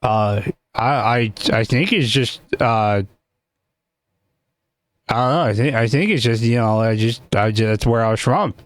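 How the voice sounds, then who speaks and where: A man's voice: medium pitch, a little slow, no echo, pitched below the performer's own voice, lightly acted. A man voicing a flustered male cartoon turkey. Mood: unsure. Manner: hesitant, stammering, defensive. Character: flustered male turkey talk-show guest. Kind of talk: improvised cartoon character chat.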